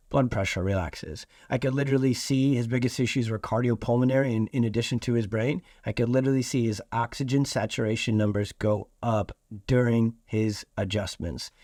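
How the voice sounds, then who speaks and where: A man's voice: medium pitch, brisk, a little mellow, no room sound, clean studio sound. Earnest man hosting a podcast. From Iowa. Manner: earnest, emphatic, repeats phrases for stress. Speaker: podcast host. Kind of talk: solo podcast monologue.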